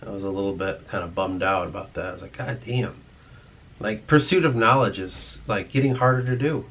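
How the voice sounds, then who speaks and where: A man's voice: deep voice, fast, fairly bright tone. A man vlogging in a rambling, profane, ranting monologue.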